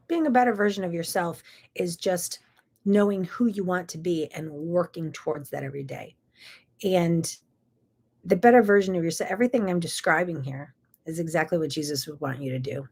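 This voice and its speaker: A woman's voice: lowish voice, moderate pace, pauses often, husky. Lady host chatting away, folksy, says y'all a lot. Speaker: host of a morning talk show. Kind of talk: casual chat.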